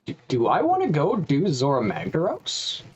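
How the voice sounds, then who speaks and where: A man's voice: fairly high pitch, wildly swooping pitch, moderate pace, dull audio, slight background noise. Man musing aloud while gaming. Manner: musing aloud, stop-start, talking to chat. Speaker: gaming streamer. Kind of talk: casual live-stream commentary while playing.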